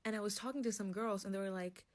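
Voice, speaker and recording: A woman in her twenties from Greece telling a story to camera in an amused way with deadpan punchlines. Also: medium pitch, quick pace.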